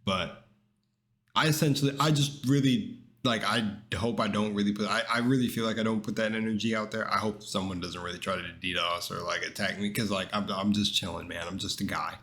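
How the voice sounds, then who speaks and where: A man's voice: lowish voice, steady tone, a little fast, fairly bright tone. A man chatting casually while reacting to a video, in a laid-back, rambling way full of slang and restarts.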